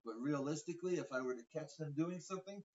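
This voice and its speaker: Man speaking off mic, lo-fi. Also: fairly high pitch. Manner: earnest, opinionated, measured. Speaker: podcast co-host. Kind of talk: casual conversation. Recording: lo-fi audio from a distance off mic.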